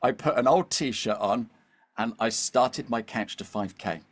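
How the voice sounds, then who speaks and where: "Okay?" and "all right?" pepper the storytelling of this middle-aged podcast guest as he checks in with his listener. He's animated, with a mid-range voice and a slightly slow pace.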